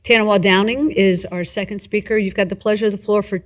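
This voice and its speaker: A woman's voice: medium pitch, fairly even intonation, fast talker. A woman chairing a public meeting, making brief procedural announcements.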